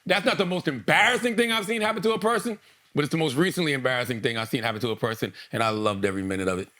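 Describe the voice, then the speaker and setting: A man's voice: a little high, very fast, bright, forceful tone. A middle-aged man co-hosting a comedy podcast, telling stories animatedly and laughing often as he acts out quotes. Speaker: podcast co-host. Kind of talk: casual comedic chat.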